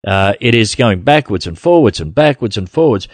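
A man's voice: lowish voice, animated, moderate pace, no room sound, studio quality. A man hosting a gospel podcast, talking bluntly and combatively and laughing often. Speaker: podcast host. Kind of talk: casual podcast chat.

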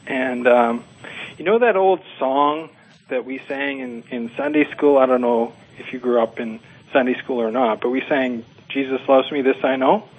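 A man, calling in to a show and chatting casually, halting with fillers and restarts. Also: mid-range voice, husky, poor audio. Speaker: caller. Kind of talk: casual phone-in chat.

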